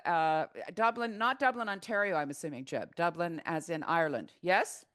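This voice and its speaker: Low-voiced chatty woman hosting online. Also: normal speed, a bit bright. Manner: chatty and teasing, with many fillers and restarts. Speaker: webinar host. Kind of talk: casual live webinar hosting. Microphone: video call.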